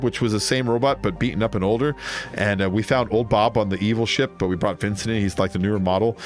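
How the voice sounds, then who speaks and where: A man streaming a game, chatting casually and telling long, rambling stories full of fillers. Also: mid-range voice. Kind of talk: casual chat while gaming.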